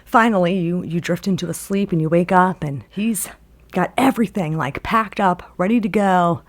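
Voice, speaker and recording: A woman's voice: fairly low pitch, normal speed. A woman telling a long story in a casual, rambling way, full of filler words.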